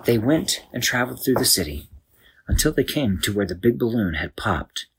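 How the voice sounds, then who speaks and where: A man narrating an improvised bedtime story in a loose, animated way, with restarts. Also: mid-range voice, normal speed, a little hiss or hum.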